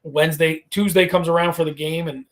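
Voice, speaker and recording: A man's voice: a little high, fairly quick. A man hosting a podcast, telling stories in casual chat, acting out quotes and swearing freely. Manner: animated storyteller, acts out quotes, swears freely. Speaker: podcast host.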